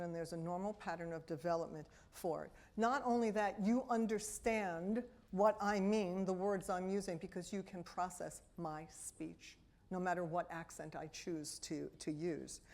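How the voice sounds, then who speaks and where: Brooklyn-born woman w/ new york accent, lowish voice, giving a lively talk to parents in a hall. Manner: animated, wry, talks straight to the audience. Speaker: speech and language pathologist giving a parenting talk. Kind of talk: lively public lecture to an audience. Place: auditorium before a live audience.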